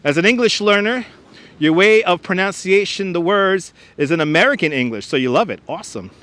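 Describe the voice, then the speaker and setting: A man's voice: high-pitched, expressive, fairly quick, fairly bright tone. A man hosting a casual outdoor live stream on a wireless clip-on mic, chatting, reading out viewer comments and greeting people by name. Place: outdoors on a frozen beach.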